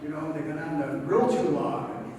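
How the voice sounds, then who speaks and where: A man's voice: fairly high pitch, expressive, normal speed, mellow, a little hiss or hum. Man, middle-aged, acceptance speech, rambling storyteller, chuckling, very echoey hall, far from mic. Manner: chatty, storytelling, chuckles often. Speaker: inductee giving an acceptance speech. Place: large event hall.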